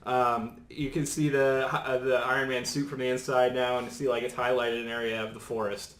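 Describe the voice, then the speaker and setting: Man in an animated rambling pitch, roomy sound. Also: normal speed. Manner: rambling, laughing, with many restarts and fillers. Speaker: podcast co-host pitching a show idea. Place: studio set full of toys and collectibles. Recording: roomy echo.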